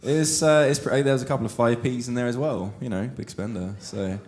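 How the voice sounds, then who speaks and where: A young man on stage at a live show, rambling through absurd jokes with a deadpan, playful delivery. His voice sits at an ordinary middle pitch for a man. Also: a little fast. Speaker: guest performer. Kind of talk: live comedic interview banter. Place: live venue with audience.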